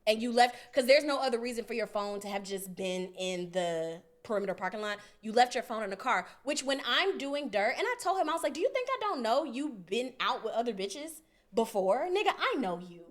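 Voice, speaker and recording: A woman's voice: fairly high pitch, fairly quick. Podcast girl ranting through a messy story, cussing a lot, voice swinging all over. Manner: animated, profane, acts out both sides of arguments. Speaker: podcast co-host. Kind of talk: casual storytelling.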